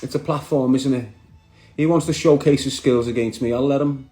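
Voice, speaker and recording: A man's voice: mid-range voice, steady tone, a little fast, mellow, soft background music. A man, chatting brashly on a live stream and answering viewer comments. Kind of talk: casual live stream chat.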